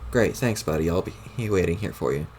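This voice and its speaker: A man's voice: deep voice, expressive, moderate pace, darkish tone, slight background noise. A man voicing a smug, scheming young female troll while reading a webcomic aloud, with a mocking tone.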